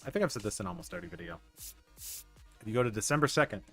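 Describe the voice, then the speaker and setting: A young man streaming a baseball management game, chatting casually with his viewers, excitable and stumbling over restarts. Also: fairly low pitch, fast talker. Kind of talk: casual gameplay commentary talking to chat. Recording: dry close mic with faint game music.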